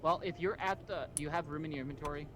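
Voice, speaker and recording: A man's voice: a little high, fast talker. A man streaming a farming game, casually guiding his friends step by step with plenty of "uh" fillers. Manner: directive, patient, gives step-by-step instructions with "uh" fillers. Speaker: streamer leading the farm. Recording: noisy stream audio with keyboard typing.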